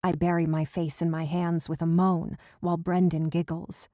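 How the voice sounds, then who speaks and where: A woman narrating a first-person romance audiobook in a lively, expressive, comic manner, recorded close in a studio booth. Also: fairly low pitch, normal speed, dry recording. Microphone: close studio mic.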